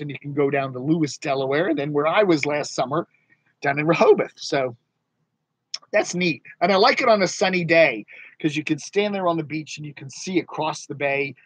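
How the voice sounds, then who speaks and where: Chatty man with a husky voice. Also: fairly high pitch, a bit bright, dry recording, poor audio. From mid-Atlantic United States. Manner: rambling, chuckling, chatty. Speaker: live stream host. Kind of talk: casual live chat reading viewer comments. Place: home studio in Northern Virginia.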